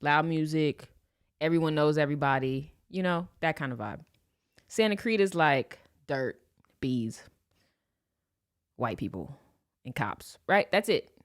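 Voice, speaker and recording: A woman in her late twenties from Los Angeles, telling a personal story on a podcast in a slangy, animated way and acting out the scenes. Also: low-pitched, measured pace, long pauses. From Los Angeles, USA. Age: 20s. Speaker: podcast host. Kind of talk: casual storytelling.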